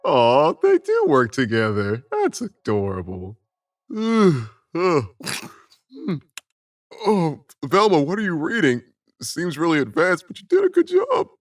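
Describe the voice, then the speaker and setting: A man's voice: a little high, huge pitch swings, takes it slowly, no room sound, voice pushed up, exaggerated voice. A man voicing an easygoing adult man in a tabletop role-play, rambling and hesitant, with jokey asides.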